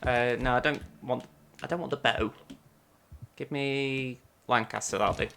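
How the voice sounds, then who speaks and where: A man's voice: medium pitch, steady tone, unhurried, creaky, a bit bright, a little hiss or hum. A man streaming a video game and chatting along as he plays, narrating his own moves and talking to his viewers. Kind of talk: live game-stream commentary.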